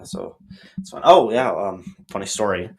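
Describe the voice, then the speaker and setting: A young man with a deep, low-pitched voice talks to the camera in a comedic vlog sketch. He rambles and hesitates, with frequent ums and restarts. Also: animated, moderate pace, slightly rough, rough recording. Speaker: vlogger.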